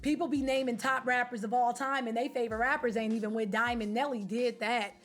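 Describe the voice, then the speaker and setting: A woman streamer chatting casually with her live viewers, animated, slangy and opinionated. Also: a little high, brisk, soft background music. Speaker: game streamer.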